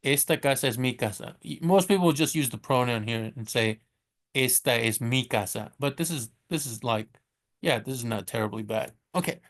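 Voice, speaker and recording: A man teaching Spanish in a casual way, chatty and correcting himself, who slows down to sound out each Spanish word. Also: medium pitch. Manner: chatty, self-correcting, laughs at his slips. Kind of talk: casual screen-share lesson.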